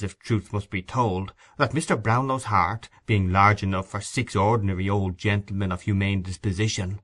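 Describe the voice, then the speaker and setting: Low-voiced man reading a storybook aloud. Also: a bit bright. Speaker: audiobook reader. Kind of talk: storybook narration.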